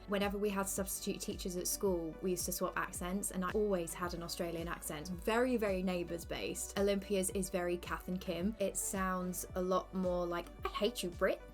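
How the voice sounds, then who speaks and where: A drag queen chats through a makeup tutorial, quick and self-mocking in her asides. Her voice sits in a middling pitch. Soft music plays faintly underneath. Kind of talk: casual makeup tutorial chat. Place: indoors at a makeup station under lights.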